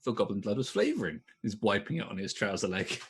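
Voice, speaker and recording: A man's voice: fairly low pitch, big pitch swings, quick pace, slight background noise. A man narrating as game master in a casual, rambling way, often correcting himself.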